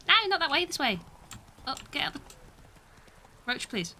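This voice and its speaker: A woman's voice: sits high, animated, a little slow, pauses often, bright, forceful tone, slight background noise. A young British woman streaming a game, chatting casually, mocking herself and laughing often. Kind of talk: casual gameplay commentary.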